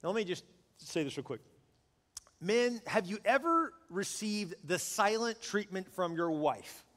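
A man preaching a sermon to a congregation, lively and joking, building to loud peaks. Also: high voice, unhurried. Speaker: pastor. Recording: long hall reverb.

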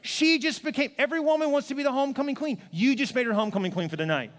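A man preaching a sermon as pastor, animated, acting out little scenes with voices and repeating punchy phrases with questions to the crowd. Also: extremely high pitch, racing, big-room sound.

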